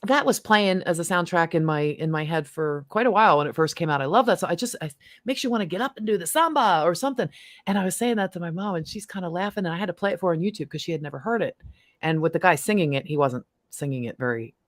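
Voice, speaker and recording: A woman's voice: on the low side, lively intonation, fast, no room sound, studio quality. A middle-aged woman hosting a spiritual livestream, chatting casually and breaking into bits of song. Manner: chatty, bursts into snippets of song. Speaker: livestream host. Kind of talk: casual chat.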